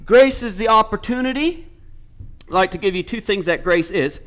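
A man's voice: high-pitched, expressive, moderate pace, fairly bright tone. A man preaching a sermon, retelling a story with quoted speech and building to emphatic points.

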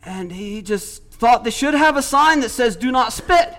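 A man's voice: extremely high pitch, lively intonation, a little slow, a bit bright. A man preaching a sermon, retelling a story with quoted speech and building to emphatic points.

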